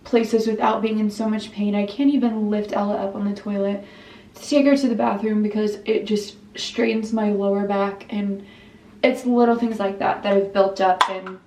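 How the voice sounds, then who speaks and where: A woman's voice: medium pitch, fairly even intonation, normal speed, dark tone, distant mic, slight background noise. A young pregnant woman telling an emotional story in a vlog while doing her makeup, with quoted dialogue. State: pregnant, weepy. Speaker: family vlogger. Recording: roomy echo, voice off-mic.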